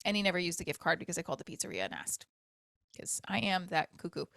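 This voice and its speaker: A woman's voice: lowish voice, big pitch swings, quick pace, gravelly, no echo. Self-mocking woman podcaster, dry close sound. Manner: rambling, self-mocking, confessional with bursts of loud comic venting. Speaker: podcast host and comedian. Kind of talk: candid personal podcast monologue.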